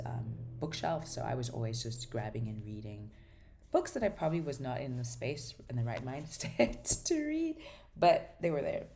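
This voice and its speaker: A woman's voice: extremely low pitch, mellow. A woman chatting casually through a book haul, rambling and enthusiastic, full of ums and restarts. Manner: enthusiastic about books. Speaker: book vlogger.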